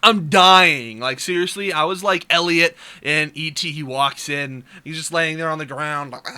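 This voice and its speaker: A young man vlogger telling a crude comic story, animated and fond of mimicking voices. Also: on the high side, normal speed, hardly any pauses, clear, resonant tone. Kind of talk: comedic storytelling vlog.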